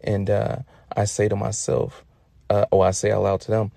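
A man's voice: on the low side, level tone, moderate pace, gravelly, warm tone, no room sound. A man telling funny stories casually, profane and slangy, laid-back with lots of fillers. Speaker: storyteller. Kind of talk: casual comic storytelling.

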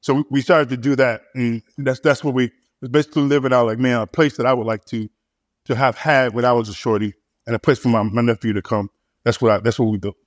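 Talking quickly with fairly even intonation, a pastor and church planter shares his story in a casual, conversational way. Fillers and repeated words trip him up between phrases, and his middle-pitched voice sounds close and dry with no echo from the room.

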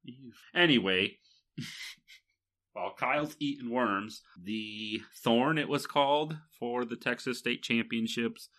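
The clip features a podcast co-host from Michigan, USA, chatting in a casual, rambling manner with fillers and laughs. He has a mid-range voice with a sharp tone and takes his time speaking.

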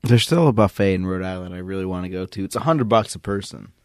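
A young man co-hosting a casual podcast, reading odd news stories aloud with deadpan, crude humor. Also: low-pitched, fast, clean tone, dry recording, studio quality. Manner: laid-back, deadpan, crude joking. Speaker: podcast co-host.

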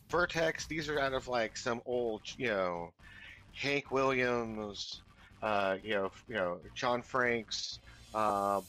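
Man, game master, low pitch, rambling narration, lots of fillers. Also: fairly bright tone, poor audio.

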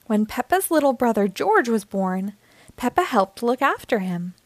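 A woman's voice: a little high, sing-song, normal speed, dry recording. Woman reading a children's story aloud. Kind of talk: children's read-aloud narration.

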